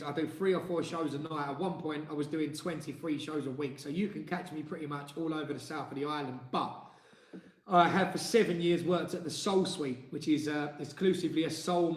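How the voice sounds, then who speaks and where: A man's voice: fairly high pitch, moderate pace. Chatty man in an echoey room. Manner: chatty, jokey, reads viewer comments aloud. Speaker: live stream co-host and singer. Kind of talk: casual live-stream chat.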